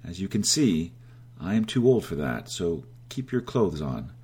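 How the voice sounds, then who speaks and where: A man's voice: low voice, very animated, unhurried, a little mellow, slightly rough, exaggerated voice. A man voicing a wry older sea-woman. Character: older Phoenician woman, calm, wry, commanding.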